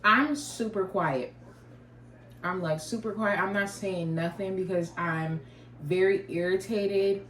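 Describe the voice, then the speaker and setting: A woman's voice: medium pitch, steady tone, takes it slowly, fairly bright tone, recorded from a distance. Chatty woman telling a story in an echoey room. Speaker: vlogger. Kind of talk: casual storytime while eating.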